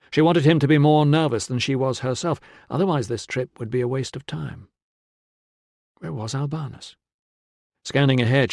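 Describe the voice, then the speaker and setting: A man reading an audiobook in a measured, steady scripted narration. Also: medium pitch, vocal fry, no room sound, clean studio sound.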